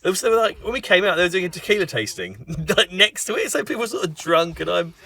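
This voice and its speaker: A man's voice: high-pitched, sing-song, fast talker, pushed and bright, husky, far from the mic. A man recording a film commentary, telling a self-deprecating anecdote in casual chat. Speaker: film writer giving commentary.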